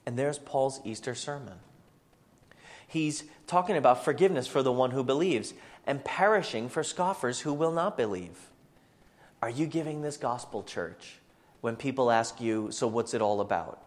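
Pastor preaching in a reverberant hall. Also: male voice, medium pitch, moderate pace. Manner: animated, acts out quoted voices. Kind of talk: sermon.

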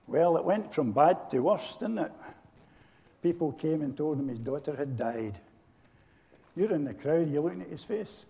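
A man delivers a sermon, drawing his listeners into the story as though they stand in the crowd. His voice is a little high for a man, with a mellow, gravelly texture. It rings out with a long reverb, as in a large hall. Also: normal speed, long pauses. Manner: storytelling, animated, addresses congregation directly. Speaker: preacher.

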